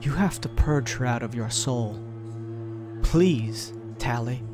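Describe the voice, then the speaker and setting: A man's voice: medium pitch, slow, music in the background, lightly acted. A man voicing an old woman of a psychic folk who accuses and pleads. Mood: pleading.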